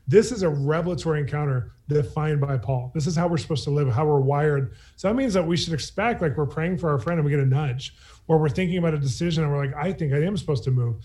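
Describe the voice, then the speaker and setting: Guy teaching about god, talks super fast, mellow voice, lots of likes. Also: fairly high pitch. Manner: fast, animated, chatty with filler "like". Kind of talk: teaching in a panel talk.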